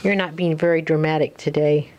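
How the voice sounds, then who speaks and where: A woman reading a picture book aloud to a small child, slow and coaxing, asking questions as she goes. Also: deep voice, steady tone, a little mellow, a little hiss or hum.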